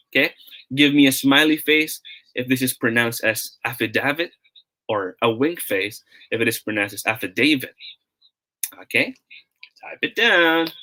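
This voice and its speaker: A man's voice: mid-range voice, bright, forceful tone, poor audio. A young man with a Filipino accent hosting a live online pronunciation lesson, upbeat and switching between English and Tagalog.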